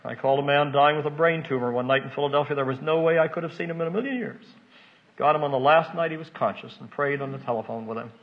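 An older man preaching a folksy, emotional sermon, moving between hushed asides and loud emphasis. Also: fairly high pitch, quick pace. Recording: dull lo-fi recording.

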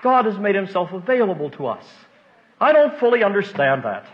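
An older man preaching a folksy, emotional sermon, moving between hushed asides and loud emphasis. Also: sits high, big pitch swings, moderate pace. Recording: dull lo-fi recording.

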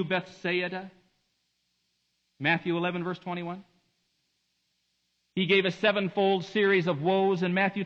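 High-voiced preacher on a dull recording. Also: male voice. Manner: dramatic swings between hushed and emphatic delivery. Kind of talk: sermon.

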